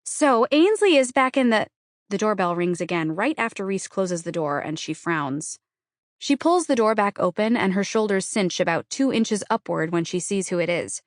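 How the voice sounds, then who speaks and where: A woman's voice: on the low side, expressive, normal speed, no echo, studio quality. Wry woman narrating an audiobook. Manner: wry, conversational, self-deprecating. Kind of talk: first-person scripted narration of a novel.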